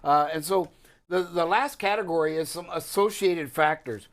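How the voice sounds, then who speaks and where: A man's voice: fairly high pitch, normal speed. A man hosting a live talk show segment on trucking safety, talking loosely with lots of uh and um. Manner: loose, rambling, many fillers.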